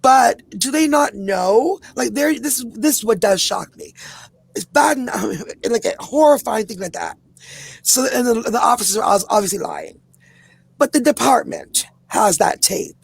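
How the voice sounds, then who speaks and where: Gravelly, husky Canadian woman activist. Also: on the high side, expressive. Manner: rapid, emphatic, run-on storytelling with many asides. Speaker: publicist and activist guest. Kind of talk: impassioned podcast conversation.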